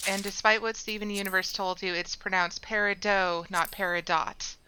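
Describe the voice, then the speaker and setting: A woman's voice: mid-range voice, steady tone, fairly quick, noisy background. A woman streamer giving casual, rambling commentary while playing a game, often correcting herself mid-sentence. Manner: chatty, rambling, self-correcting.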